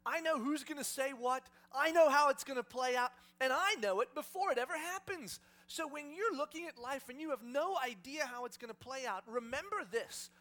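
A man playing Jesus in a sermon, speaking slowly and emphatically with confidence. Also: sits high, animated, bright, forceful tone. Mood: assured. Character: Jesus speaking in a calm, all-knowing, reassuring male voice.

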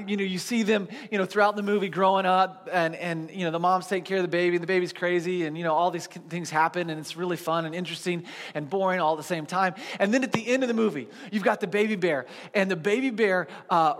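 Speaking quickly with few pauses, a man pastoring a seated congregation delivers an animated, conversational storytelling sermon, often restarting his sentences. His voice sits high, and the sound is that of a big room.

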